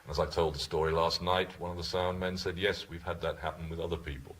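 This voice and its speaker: A man's voice: deep voice, level tone, fast, a bit bright, slight background noise. A man speaking as a guest on a live radio show, telling a chatty anecdote. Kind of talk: live broadcast chat.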